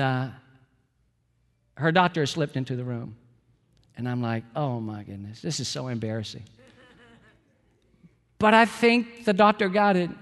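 A man's voice: high-pitched, a bit bright, long reverb tail. A middle-aged man preaching a sermon as pastor, earnest and storytelling, repeating phrases for emphasis.

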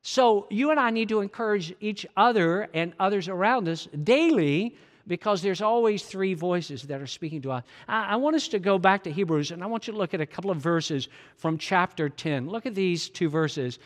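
A male pastor delivers an earnest, conversational sermon, asking his listeners question after question. His voice sits fairly high for a man. The sound carries a long reverb from a large church sanctuary. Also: lively intonation, moderate pace.

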